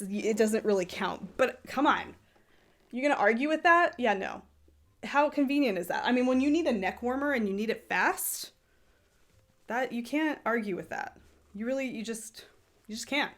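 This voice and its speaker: A woman hosting a knitting podcast, chatting casually in a rambling, self-correcting way. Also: fairly high pitch. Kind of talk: casual chat.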